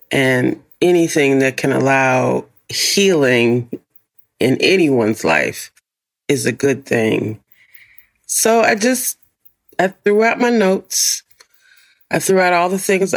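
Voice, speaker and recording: A woman hosting a podcast, talking casually in a deep morning voice and laughing often. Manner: warm, chatty, laughs often, slow deliberate phrasing. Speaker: podcast host. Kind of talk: casual solo podcast talk.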